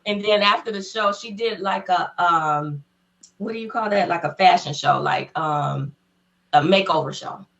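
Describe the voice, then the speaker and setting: A woman guest in an interview, telling an excited story in casual talk, laughing often and acting out what people said. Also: fairly low pitch, moderate pace, vocal fry, lo-fi sound. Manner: excited, acts out quotes in a raised voice; laughs often between phrases.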